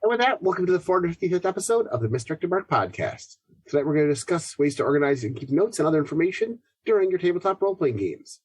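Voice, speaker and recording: A man hosting a gaming podcast, chatting in a brisk, friendly way. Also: a little high, very animated, husky, no echo. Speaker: podcast host. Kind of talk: casual chat.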